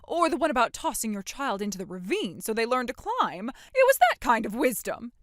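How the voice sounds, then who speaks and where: A condescending, manipulative middle-aged mother, acted by a woman, with a lively pitch that swings high and low. Her voice sits a little above average and sounds dry and close to the mic. She talks down to her daughter in a dramatic voiced story. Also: moderate pace, dry recording. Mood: gushing. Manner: condescending, later gushing and pushy.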